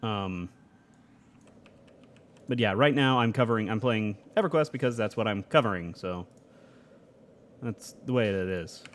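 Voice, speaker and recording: A man's voice: on the low side, unhurried, pauses often. A young adult man streaming a game live, chatting casually, reading chat aloud and laughing often.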